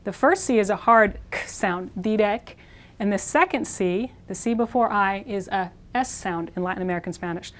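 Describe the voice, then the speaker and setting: Patient woman teaching a language lesson. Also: medium pitch. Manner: patient, repeats words slowly and clearly. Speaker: Spanish teacher. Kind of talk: classroom pronunciation lesson.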